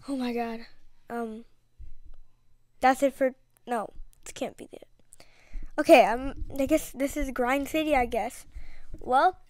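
A woman's voice: sits high, no echo, studio quality. A woman giving casual, rambling gameplay commentary, chatty and dramatic, full of slang. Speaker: gaming video creator.

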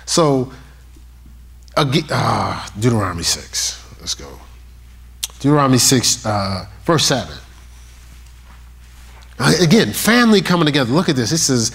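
A male pastor preaching a sermon, talking straight to the congregation and reading scripture aloud slowly. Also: medium pitch. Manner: animated, talks straight to the congregation with questions.

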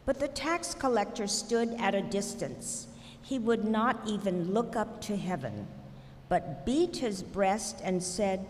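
A woman reads a scripture passage in a church sanctuary, slowly and with measured care. Her pitch moves in a lively, expressive way. A long hall reverb and faint noise surround her voice. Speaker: scripture reader. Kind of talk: scripture reading.

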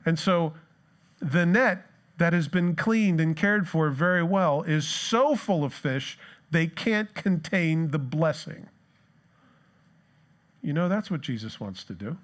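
Man preaching a lively sermon. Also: fairly high pitch, takes it slowly. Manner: animated storytelling, acts out crowd voices. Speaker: pastor. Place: church.

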